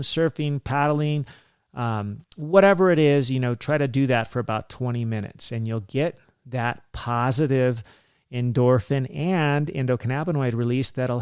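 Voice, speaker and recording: A man's voice: medium pitch, smooth, no room sound, studio quality. A man in his forties hosting a health podcast, talking casually with lots of fillers and laughs. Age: 40s. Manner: chatty, laughs often, many fillers. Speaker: physician podcast host.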